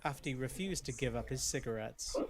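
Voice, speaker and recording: A man reading a documentary script as host in a dry, deadpan way. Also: medium pitch, fairly quick, noisy background. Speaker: host narrator.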